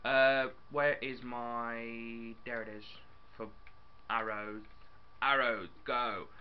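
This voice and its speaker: A young gaming YouTuber chats casually and excitedly while playing a building game, talking to his viewers and his in-game dog. His mid-range voice is slow, with cut-off highs and a little hiss or hum.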